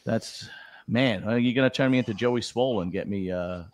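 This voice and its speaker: A male host of a live-streamed talk show, swearing freely and breaking into loud laughter. He keeps the banter crude and casual and throws questions at his guests. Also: fairly low pitch, moderate pace. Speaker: podcast host. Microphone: live stream mic.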